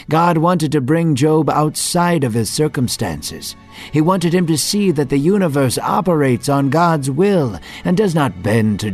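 A man narrating a Bible story in earnest, dramatic scripted prose, his voice set at a middle pitch. Soft music plays faintly behind him.

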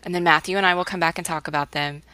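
A woman hosting a podcast in casual chat, measured and wry. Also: fairly low pitch, steady tone, sharp tone, no echo. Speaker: podcast host.

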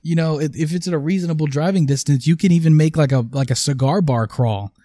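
Male co-host, rapid-fire and opinionated, warm timbre, dry mic. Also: fairly high pitch, no room sound. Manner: animated, quick opinions, casual swearing. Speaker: podcast co-host. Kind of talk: casual chat.

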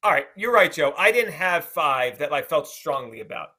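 A man hosting a casual podcast chat, chatty and halting, full of restarts. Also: on the high side, expressive, sharp tone. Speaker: podcast host.

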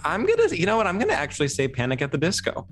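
A man co-hosting a comedy podcast, animated and giggly, trailing off into fillers. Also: a little high, racing, over music. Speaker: podcast co-host. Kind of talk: casual comedic chat.

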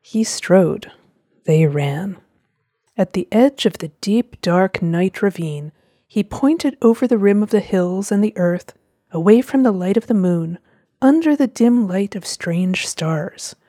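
A woman reading a storybook aloud with a slow, gentle, expressive delivery. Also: mid-range voice, no room sound, studio quality.

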